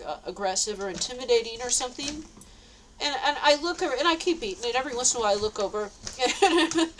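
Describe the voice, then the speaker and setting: A woman's voice: on the high side, a bit bright, slight background noise, poor audio. A woman telling a rambling story in a casual vlog, with frequent nervous laughs. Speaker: vlogger.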